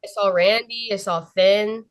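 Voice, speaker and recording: Young woman, guest, breathless storytelling, "like" everywhere, mid-pitched. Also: steady tone, a little slow. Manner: breathless, fills every phrase with "like" and "literally". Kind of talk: excited storytelling.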